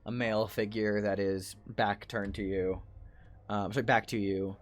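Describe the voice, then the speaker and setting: A man running a tabletop horror game as game master, narrating scenes and slowing on details. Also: on the low side, flat delivery.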